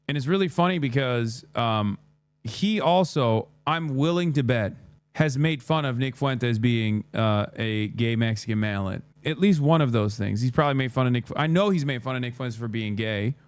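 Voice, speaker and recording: A man doing live-stream political commentary, sarcastic and crude, ranting in quick bursts. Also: medium pitch, clear, resonant tone, no room sound. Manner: sarcastic, crude, rapid rants.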